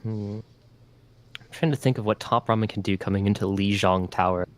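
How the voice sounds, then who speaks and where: A man's voice: lowish voice, fairly even intonation, fairly quick. A man casting a video game match live, teasing his co-caster with questions. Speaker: esports caster.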